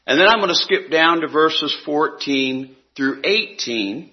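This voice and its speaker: A man preaching a sermon in a slow, earnest way, his voice sinking soft on key words. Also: a little high, animated, dull audio.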